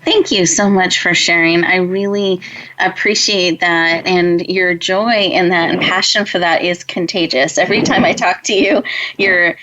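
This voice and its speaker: A woman's voice: lowish voice, steady tone, a little slow, bright, forceful tone, muffled recording, slight background noise. A woman talk show host who interviews her guest, affirming and appreciative.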